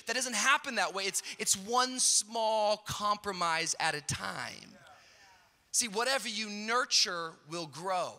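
A middle-aged man preaching a sermon, telling a funny story in a storyteller's way and building up to shouted peaks. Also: sits high, measured pace. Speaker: pastor. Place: large church auditorium. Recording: hall reverb.

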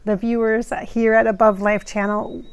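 A woman hosting a casual spirit-channeling session as a medium, effusive and full of thanks, with frequent soft laughter. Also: fairly high pitch, flat delivery, moderate pace, clean tone. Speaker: psychic medium and channel host.

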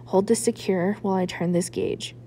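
Brisk no-nonsense mom barking orders at her kid, mellow tone, read by a woman. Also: mid-range voice, fairly even intonation, slight background noise, close to an everyday voice. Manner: firm, urgent commands. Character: stern, hurried mother of a preteen girl.

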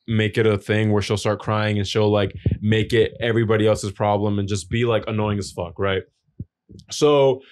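A man's voice: fairly low pitch, clean tone. A young man co-hosting a podcast, telling long, rambling stories in casual chat and swearing often. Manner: rambling, profane storytelling. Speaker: podcast co-host.

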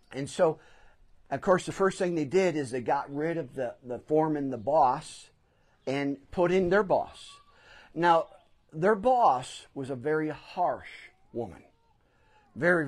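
A middle-aged pastor preaching in a church, his voice sitting a little high for a man. He tells a story from his own life and leans hard on the phrases that matter. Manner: storytelling, emphatic swells on key phrases. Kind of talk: sermon. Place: church sanctuary.

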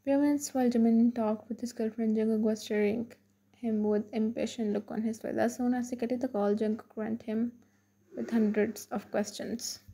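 A woman narrates a fan fiction story in a plain, even read-aloud. Her slightly high voice is gravelly and husky, with a dark tone and little rise and fall. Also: moderate pace.

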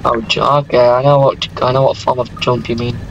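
A man co-hosting a gameplay video, excitable and joking, often stumbling over his words. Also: mid-range voice, fairly quick, gravelly, lo-fi sound, heavy background noise. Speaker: gaming video co-host. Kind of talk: casual gameplay chat.

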